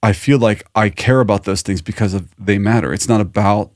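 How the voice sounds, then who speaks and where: A man co-hosting a podcast, talking in a reflective, earnest way with many restarts, and calmly guiding a breathing exercise. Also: lowish voice, brisk, dry recording. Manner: earnest, thoughtful, trailing restarts; calm guided breathing at close. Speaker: podcast co-host.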